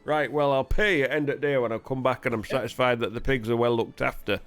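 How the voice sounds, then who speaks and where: A man's voice: mid-range voice, steady tone, a little fast, close to an everyday voice. A cheeky, blunt pig farmer with a broad Yorkshire accent, as a man plays him. He swears with cheer and talks plainly. Faint music plays under him. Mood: gleeful.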